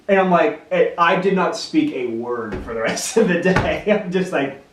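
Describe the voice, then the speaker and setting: A young man chatting casually as a podcast co-host, telling stories in a halting way with restarts and laughter. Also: fairly high pitch. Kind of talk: casual storytelling chat. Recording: roomy, distant mic with faint noise.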